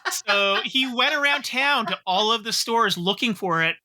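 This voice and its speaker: A woman's voice: on the high side, expressive, moderate pace, very noisy. A woman co-hosting a podcast in casual, joking chat, rambling with restarts.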